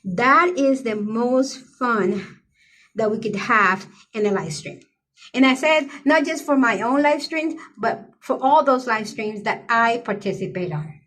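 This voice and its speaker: Slow-talking woman gushing to camera. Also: fairly high pitch, animated, a bit bright. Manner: gushing, effusive praise. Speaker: coloring channel creator. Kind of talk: casual chat to camera.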